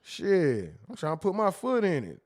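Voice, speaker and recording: A high-voiced man hosts a livestream and reads his chat aloud. His talk is loose and crude, and he often cracks himself up over his own slips. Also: wildly swooping pitch, normal speed, a little mellow. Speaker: livestream host. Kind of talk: casual livestream commentary reading chat.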